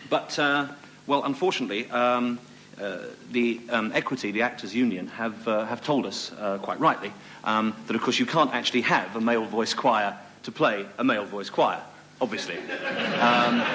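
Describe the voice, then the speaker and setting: A man's voice: medium pitch, sharp tone, slight background noise, lightly acted. A man playing a flustered TV presenter, apologising and rambling to a studio audience with many ums and restarts. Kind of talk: mock-apologetic comedy monologue.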